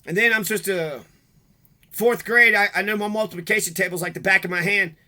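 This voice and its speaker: Sharp-voiced man ranting bitterly. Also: high voice, steady tone, quick pace. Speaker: vlogger. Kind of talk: rambling angry monologue.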